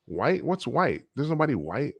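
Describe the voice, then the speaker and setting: A man speaking as a guest in an emphatic, animated conversation. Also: medium pitch, moderate pace, slightly rough, no room sound. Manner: emphatic, acts out voices to make points. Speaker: guest artist.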